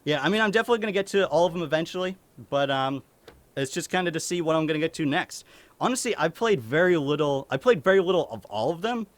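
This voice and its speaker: A young man talking casually to his stream audience, rambling and restarting his thoughts as he goes. His voice sits a little high and swings up and down a lot. The sound is close and dry. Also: expressive, dry recording. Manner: chatty, rambling with restarts and quick laughs. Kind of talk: casual chat with viewers.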